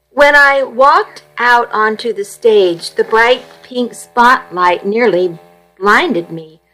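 A woman volunteer reading a first-person magazine story aloud for a radio reading service, in a steady, unhurried storytelling manner. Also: fairly high pitch, low-quality recording.

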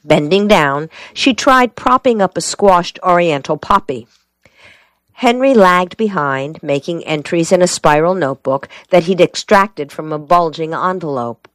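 A woman reading a story aloud in a steady, wry narrating manner. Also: on the low side, no room sound. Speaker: audiobook narrator. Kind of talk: scripted narration.

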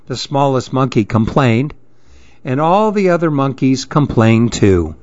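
A man reading children's stories aloud in an expressive, sing-song storybook manner. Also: medium pitch, unhurried, no room sound. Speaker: narrator. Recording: dull dry close recording.

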